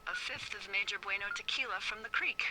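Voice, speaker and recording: A woman's voice: medium pitch, brisk, heavy background noise, close to an everyday voice. A woman voicing a teasing, wisecracking lookout boss. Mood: tipsy. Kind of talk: video game voice acting.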